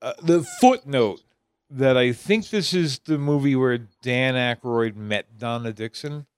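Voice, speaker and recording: A man co-hosting a podcast, chatting casually with short reactions and halting remarks. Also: mid-range voice, smooth, no room sound. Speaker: podcast co-host. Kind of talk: casual chat.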